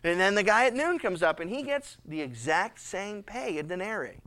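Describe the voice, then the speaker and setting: A man preaching a sermon as a pastor, telling Bible stories lively and acting out the characters, often repeating and restarting his words. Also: high voice, moderate pace.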